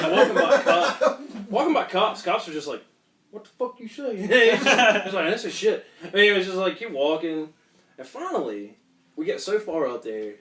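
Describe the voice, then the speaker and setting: A man's voice: on the high side, fairly bright tone. A young man in casual podcast chat, telling a story while laughing and swearing freely. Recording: echoey room, mic at a distance.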